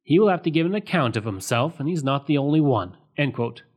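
Man narrating history in measured tones. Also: fairly high pitch, expressive. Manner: measured, reads sources aloud marked with quote and end quote. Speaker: history podcast host.

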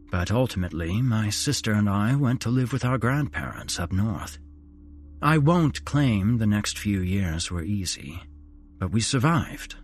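A man hosting a horror podcast, narrating a first-person story in an unhurried, dramatic storytelling way. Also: fairly low pitch, husky. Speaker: host and narrator.

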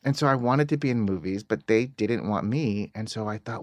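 A middle-aged American man, a screenwriter being interviewed, telling self-deprecating stories in a casual, animated way. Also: on the low side, fairly quick, hardly any pauses, no room sound. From United States. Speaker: screenwriter guest.

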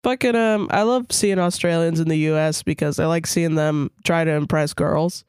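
A woman's voice: low voice, steady tone, normal speed, darkish tone, clear, resonant tone, no echo, studio quality. A woman co-hosting a casual podcast, blunt and heavy on swearing as she tells stories. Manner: blunt, swears a lot, storytelling. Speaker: podcast co-host. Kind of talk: casual profane chat.

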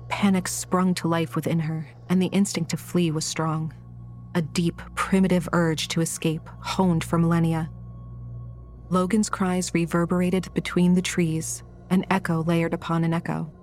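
A woman narrates a horror story in a low, steady voice that stays measured and even throughout. Soft music runs faintly beneath her reading. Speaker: audiobook narrator.

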